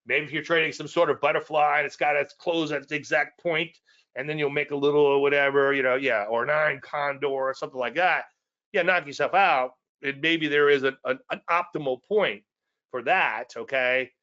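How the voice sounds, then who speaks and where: A man's voice: on the high side, normal speed, bright, forceful tone, dull audio. A man hosting a market show, teaching casually in a rambling, conversational way with self-deprecating asides and repeated points. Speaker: trading educator and show host.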